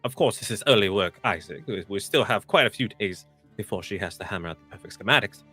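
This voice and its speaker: A man's voice: on the low side, animated, fast, bright, forceful tone, breathy edge, soft background music. A man playing a tabletop game, speaking in character with formal, courteous phrasing and small stammers. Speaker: player. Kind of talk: in-character role-play.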